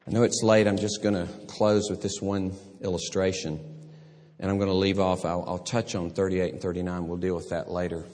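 A man's voice: low voice, level tone, brisk, a little mellow. An older man preaching a sermon, telling stories and acting out voices with a laugh. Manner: storytelling, acts out voices and laughs. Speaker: pastor. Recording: long hall reverb.

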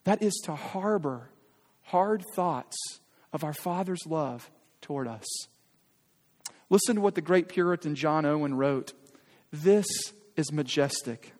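A pastor in his thirties preaches in a fairly high voice, and his words hang in the long reverb of a big church sanctuary. He speaks to the congregation directly and earnestly, pressing them with question after question. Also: animated, a little slow, pauses often, a little mellow. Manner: earnest, urging, direct address with rhetorical questions. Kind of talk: sermon.

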